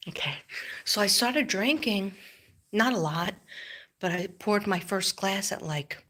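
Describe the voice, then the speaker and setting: A woman's voice: mid-range voice, expressive, a little slow, sharp tone. A middle-aged woman chatting on a live stream, telling rambling, emotional stories and often dropping to a near-whisper. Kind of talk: casual live-stream chat.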